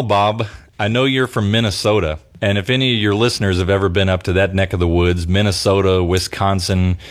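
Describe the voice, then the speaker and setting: Low-voiced man chatting casually. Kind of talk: casual chat.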